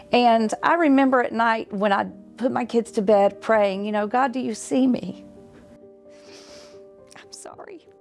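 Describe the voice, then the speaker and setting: A woman's voice: mid-range voice, gravelly, darkish tone. A middle-aged woman giving an earnest, heartfelt personal testimony about a hard time in her life. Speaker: client telling her story. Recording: faint music underneath.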